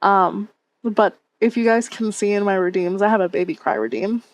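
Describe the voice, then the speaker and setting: A woman's voice: mid-range voice, normal speed. A woman streamer chatting casually with her viewers on a headset mic, reading and answering chat and laughing often.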